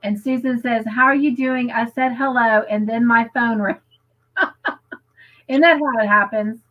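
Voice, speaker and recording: Woman, craft livestream co-host, chatty, reads comments, unhurried pace, muffled sound. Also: a little high, steady tone. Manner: chatty and giggly, lingers on stories. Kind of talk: casual chat, reading viewer comments aloud.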